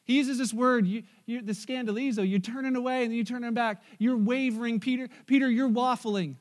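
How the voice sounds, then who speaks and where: Male pastor, very high-pitched, lively, humorous sermon delivery. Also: brisk. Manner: lively, joking storyteller who acts out the characters.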